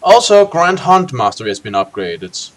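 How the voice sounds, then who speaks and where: A man's voice: fairly high pitch, very animated, moderate pace. A man hosting a co-op game session, reading a gamebook aloud expressively and tossing in joking asides. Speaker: let's play host.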